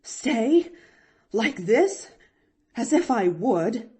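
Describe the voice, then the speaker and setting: A stern aunt's voice, indignant and scolding, with a mellow, darker tone, as a woman reads her aloud. The delivery moves a lot in pitch. It is spoken slowly. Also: big pitch swings, husky, full character voice. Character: stern, proud older aunt.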